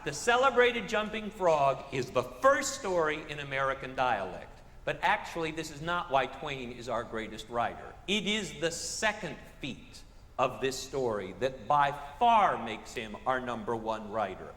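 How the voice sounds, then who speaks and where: A man's voice: mid-range voice, very animated, unhurried, fairly bright tone, reverberant, long reverb tail. A man giving a public literature lecture on a theater stage, asking rhetorical questions and tossing in comic asides.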